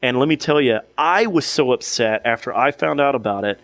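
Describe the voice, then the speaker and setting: A man's voice: medium pitch, lively intonation, fairly quick, a bit bright, no echo. A young man co-hosting a podcast, telling a long story in casual chat with many restarts and fillers. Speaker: podcast co-host.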